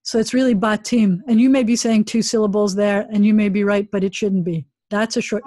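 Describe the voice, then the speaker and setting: A woman's voice: mid-range voice, steady tone, fairly quick, warm tone, no room sound. A woman rabbi teaching a Hebrew class over a video call, chatty and self-deprecating.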